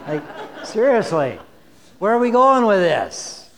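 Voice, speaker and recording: A man's voice: high voice, expressive, moderate pace. A man preaching a sermon, conversational and wry, reading scripture passages with rising force. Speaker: pastor.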